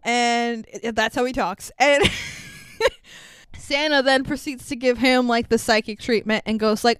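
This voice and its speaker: High, smooth-voiced woman recapping a film. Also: moderate pace, no room sound. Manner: laughs often, swears freely, animated retelling. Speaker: podcast co-host. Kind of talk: casual chat recapping a film.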